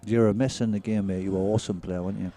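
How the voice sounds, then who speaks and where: British guy commentating pool, jokey and chatty, lowish mellow voice. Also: fairly even intonation, very fast, slight background noise. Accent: British English. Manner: chatty, jokey, laughs often. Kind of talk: live sports commentary, casual banter.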